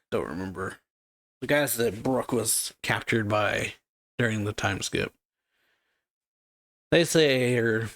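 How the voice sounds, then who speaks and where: A man's voice: on the low side, a little slow, long pauses, fairly bright tone, no room sound. A man casually retelling a comic chapter as a reaction host, loose and rambling with many fillers. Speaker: manga reaction YouTuber.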